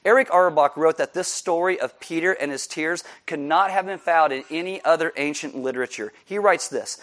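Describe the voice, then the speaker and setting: Pastor, man, higher voice, chatty sermon delivery with quiet emphatic dips. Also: moderate pace, hardly any pauses.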